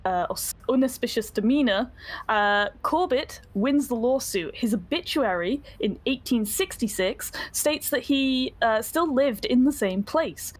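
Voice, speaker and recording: A woman player in a tabletop game, playful and quick to laugh. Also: on the high side, animated. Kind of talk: casual tabletop game chat.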